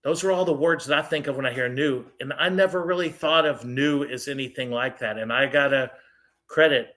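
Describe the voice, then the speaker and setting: A middle-aged man from Texas telling personal stories in a casual, jokey way, speeding up for asides and slowing for reflective lines. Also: mid-range voice. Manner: animated, jokey, shifts between quick asides and slow reflective lines. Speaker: storyteller on a faith show. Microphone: video call.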